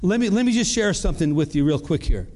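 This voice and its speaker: A man's voice: on the high side, animated, fast talker, darkish tone. A man preaching a sermon as pastor, earnest, asking the congregation rhetorical questions and often restarting his phrases.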